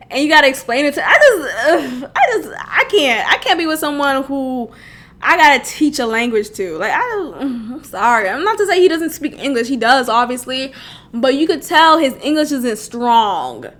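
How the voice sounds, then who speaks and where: A young woman hosting her own podcast, talking in a high voice with a bright, sharp edge. She gives blunt, animated opinions in casual chat, breaking into laughing asides. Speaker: podcast host. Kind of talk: casual reality-show commentary.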